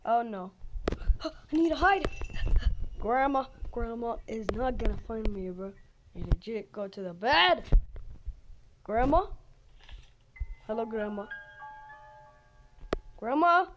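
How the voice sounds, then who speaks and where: Excitable woman gamer narrating play, high lively voice, slow unhurried delivery. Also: over music. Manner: excitable, swings between shouting and whispering. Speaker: game player. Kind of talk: excited gameplay commentary.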